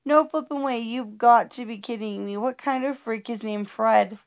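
A woman's voice: fairly high pitch, moderate pace, smooth, dull audio. A woman reading humorous rhyming children's poems aloud in a playful, sing-song rhythm.

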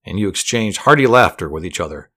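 Deep-voiced man narrating calmly. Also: fast. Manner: soothing, steady, dryly humorous. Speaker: storyteller. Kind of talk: calm guided fantasy narration.

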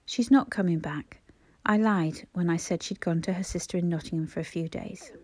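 A woman voicing a gentle, soft-spoken middle-aged son in a storybook reading. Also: lowish voice, moderate pace, natural voice. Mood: sad.

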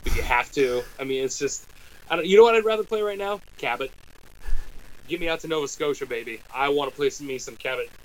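American guy rambling on a podcast, animated, lots of restarts. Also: medium pitch, fast talker, poor audio. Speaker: podcast co-host. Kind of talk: casual chat.

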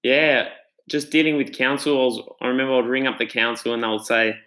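An Australian man speaks in a relaxed, chatty storytelling manner, earnest and reflective. His voice sits at a middle pitch and has a bright, forward tone. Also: brisk, rough recording. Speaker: gym owner and trainer. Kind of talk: casual personal storytelling.

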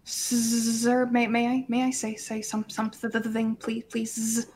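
A woman's voice: fairly high pitch, completely flat delivery, slow, a little mellow, breathy edge. A woman voicing a timid underling in a tabletop game who stammers and pleads. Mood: nervous pleading. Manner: stuttering, pleading.

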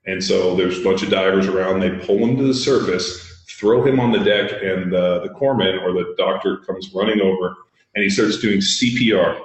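A man's voice: deep voice, moderate pace. A man telling a story in casual chat, blunt and heavy with profanity. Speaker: podcast host. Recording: very echoey room.

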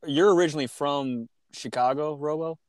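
A man's voice: fairly high pitch, normal speed, clear, resonant tone, no room sound. Young man hosting a podcast, teasing. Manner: joking, teasing interviewer, laughs a lot. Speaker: podcast host. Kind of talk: casual chat.

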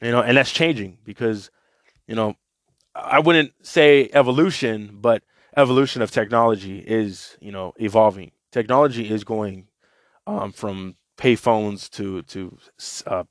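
A man's voice: lowish voice, no room sound, clean studio sound. Casual man reading the Bible. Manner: loose, filler-heavy asides, many "you know"s. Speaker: Bible reader and teacher.

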